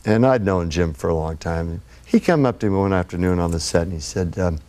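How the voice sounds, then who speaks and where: A man's voice: sits low, brisk, few pauses, dark tone. A man telling rambling, laughing anecdotes as a guest on a TV talk show. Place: TV studio.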